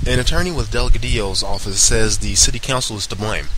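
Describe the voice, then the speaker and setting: A man's voice: fairly low pitch, quick pace, background noise. A man reading a news article aloud with sarcastic asides of his own, often stumbling over words and correcting himself as he goes.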